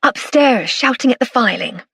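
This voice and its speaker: A plain, no-nonsense shop manageress, as a female narrator puts her on, talks bluntly and practically. Her voice has a slight huskiness and a lively lilt in a close storybook reading. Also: a little high, moderate pace, gravelly, husky, dry recording, exaggerated voice. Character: bland, practical middle-aged shop manageress.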